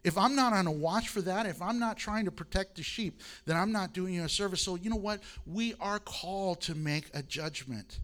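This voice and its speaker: High-voiced preaching man. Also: normal speed, few pauses. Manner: reads scripture aloud, shifts between loud emphasis and quiet asides. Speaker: pastor. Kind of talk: sermon.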